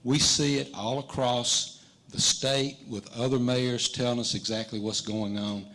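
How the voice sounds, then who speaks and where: A man's voice: mid-range voice, steady tone, a little slow, a bit bright, rough recording. A man, a sitting mayor answering confidently and rebutting his opponent at a candidate forum. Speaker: mayor running for reelection.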